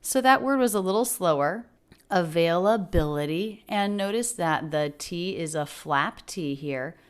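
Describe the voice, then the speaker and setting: A woman teaching English pronunciation, breaking down phrases and repeating words slowly to model their sounds. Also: lowish voice, expressive, clear, resonant tone. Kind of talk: pronunciation lesson.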